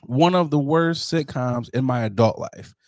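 A man co-hosting a podcast in casual chat, joking and telling animated stories. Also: mid-range voice, measured pace, dry recording, studio quality. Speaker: podcast co-host.

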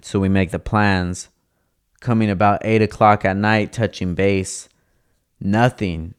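A man's voice: on the low side, steady tone, a little slow, smooth. A young man telling a casual, profane story in slang, acting out the lines of the people in it. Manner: profane, laid-back, slangy, acts out quoted dialogue.

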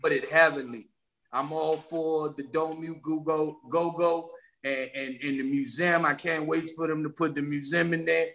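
D.C.-male rapper guest, bright and forceful, animated storyteller. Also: fairly high pitch, normal speed. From Washington, D.C. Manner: animated, streetwise storytelling with slang. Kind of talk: casual podcast interview.

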